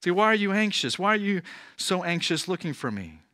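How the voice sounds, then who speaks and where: Male pastor, sermon, conversational, bright voice, dry sound. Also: high voice, big pitch swings, fairly quick, no echo. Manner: conversational, frequent "right?" asides.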